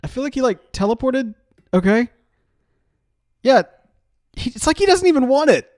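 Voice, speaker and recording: A man's voice: very high voice, very animated, normal speed, a little mellow, no room sound. Playful rambling guy narrating his game, bouncy voice, dry close mic. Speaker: game series player. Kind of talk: casual gameplay commentary.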